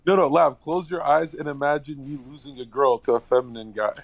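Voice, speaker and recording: A man's voice: a little high, steady tone, brisk, dry recording. A man on an online voice call, debating provocatively and laughing at his own jokes.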